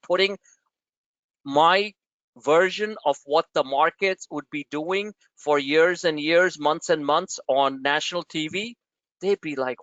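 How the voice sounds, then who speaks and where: A man's voice: fairly high pitch, no echo, muffled recording. A man coaching traders over a group video call, brash and blunt, his voice jumping up on emphatic points. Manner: brash, animated and blunt, with rising emphatic peaks. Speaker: trading coach. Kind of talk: live market commentary to a group call.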